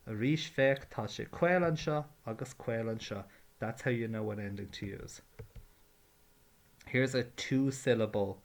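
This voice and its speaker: A man teaching a patient, step-by-step grammar lesson. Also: fairly low pitch. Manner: patient, explains carefully, drills verb forms. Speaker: Irish language teacher.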